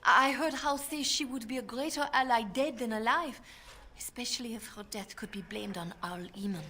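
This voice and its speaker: A woman's voice: fairly high pitch, normal speed, pushed and bright. A woman voicing an anxious young handmaiden to a queen, speaking with a heavy French accent in an earnest, pleading way. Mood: urgent.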